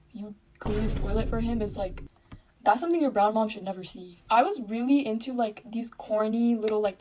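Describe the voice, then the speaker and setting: A woman tells a story in a chatty, self-mocking way, leaning on "like" as filler. Her voice is fairly high and mellow. She sounds a little distant from the microphone. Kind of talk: casual storytime. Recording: voice set back from the mic.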